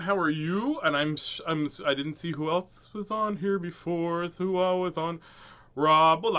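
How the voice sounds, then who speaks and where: This is a man with a high-pitched, bright and forceful voice running a playful live stream where he reads children's books. He chats in a silly, sing-song way and laughs frequently.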